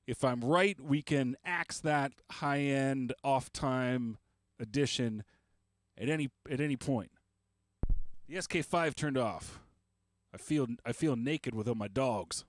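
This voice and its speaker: A man's voice: medium pitch, takes it slowly, long pauses, dry recording, studio quality. A man hosting a beatmaking livestream, chatting casually and rambling with self-mocking jokes while he works. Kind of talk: casual livestream chat while making beats.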